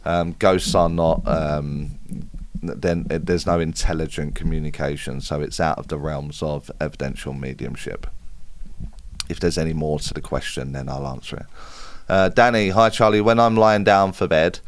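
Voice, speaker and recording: A man's voice: extremely low pitch, moderate pace. A man, a spiritual medium, chatting casually as he answers viewer questions on a live stream. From United Kingdom. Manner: chatty, reads out viewer comments and answers off the cuff.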